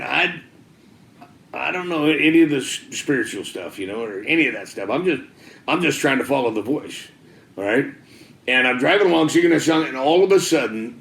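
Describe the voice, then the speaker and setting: A man's voice: medium pitch, creaky, fairly bright tone, roomy sound. A middle-aged man giving a personal testimony in a folksy, casual way, often saying "man" and "you know". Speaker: testimony speaker.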